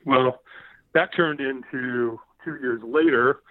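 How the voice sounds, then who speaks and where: A man telling an animated story as a podcast guest, often repeating words and acting out the shouts he quotes. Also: medium pitch, slow, no echo. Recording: tinny phone-like line, dry.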